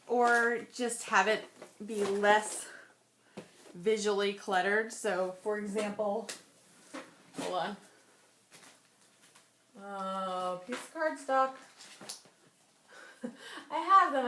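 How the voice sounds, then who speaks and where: A woman's voice: a little high, a bit bright, a little hiss or hum. Chatty rambling woman vlogger. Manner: chatty, rambling, laughs often. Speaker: scrapbooking vlogger. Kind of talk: casual chat to camera.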